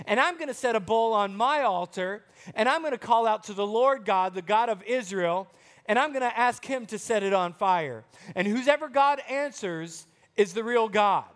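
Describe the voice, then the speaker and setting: A man's voice: extremely high pitch, fairly bright tone. A man reading scripture aloud for a children's Bible lesson, asking the kids questions and retelling the verses in playful everyday words.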